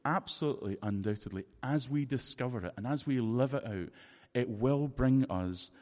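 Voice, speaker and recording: Scottish preacher in an echoing hall. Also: male voice, medium pitch, normal speed. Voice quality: lively, expressive storytelling. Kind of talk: sermon with personal anecdote. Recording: long reverb of a large hall.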